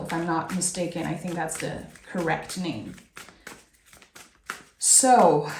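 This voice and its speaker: A woman giving a spiritual tarot reading in a slow, earnest, heartfelt way. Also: fairly low pitch, a little hiss or hum. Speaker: tarot reader. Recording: roomy echo.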